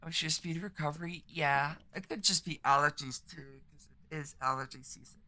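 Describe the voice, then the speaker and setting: A woman streaming a game and chatting casually, her voice congested and stuffy with a rough morning voice, talking low-key in loose, trailing phrases. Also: fairly quick, pushed and bright. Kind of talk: casual live-stream chat while gaming.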